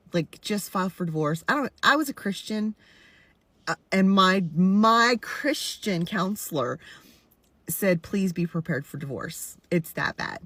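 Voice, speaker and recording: Her voice on the low side and a bit bright, a woman in her forties stitches a video as a content creator, offering candid commentary on her own experience. She repeats herself earnestly for emphasis, and the recording has no room sound.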